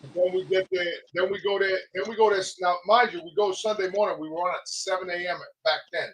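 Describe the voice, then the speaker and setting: A male podcast host telling a story in an animated, profane way. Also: high-pitched, brisk, slight background noise, low-quality recording. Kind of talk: casual podcast chat.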